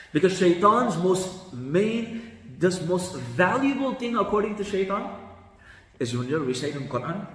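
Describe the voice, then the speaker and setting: A man, a mufti, giving a lively religious lesson, shifting his tone with the meaning and chanting Arabic passages quickly. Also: high voice. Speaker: mufti teaching Quran commentary. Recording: echoey hall from a distant mic.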